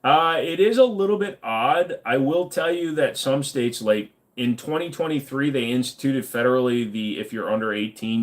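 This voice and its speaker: A man hosting a casual livestream, reading chat aloud and answering in a blunt, profane, ranting way. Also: on the low side.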